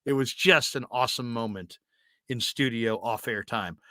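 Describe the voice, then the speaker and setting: A man hosting a sports talk show, telling animated stories in casual chat. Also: mid-range voice, normal speed, no echo, clean studio sound. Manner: animated storyteller, does impressions. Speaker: sports radio host.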